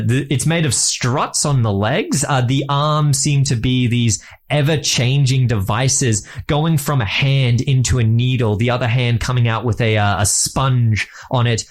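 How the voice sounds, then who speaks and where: A man narrating a tabletop role-playing session as its game master. His descriptions wander and halt, full of little fillers as he hunts for the right word, at a middling pitch. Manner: rambling, halting descriptions with fillers and laughs.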